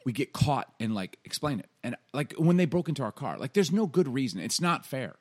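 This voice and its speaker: A man co-hosting a podcast, talking earnestly and openly about grief and faith, growing animated when he reads passages aloud. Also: mid-range voice, a little fast. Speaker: podcast co-host. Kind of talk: candid conversational podcast talk.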